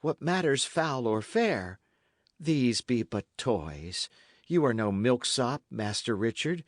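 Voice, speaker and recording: A man voicing a timid, gentle young runaway who pleads softly and anxiously in an old-fashioned storybook tale. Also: mid-range voice, very animated, slow pace, no room sound, clean studio sound. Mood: pleading. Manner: soft, anxious, imploring.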